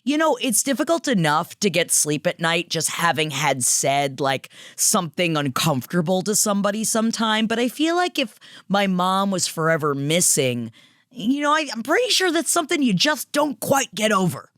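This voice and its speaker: A woman co-hosting a podcast, chatting casually with a teasing, sarcastic sense of dark humor. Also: medium pitch, very animated, moderate pace, dry recording, studio quality. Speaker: podcast co-host. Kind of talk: casual chat.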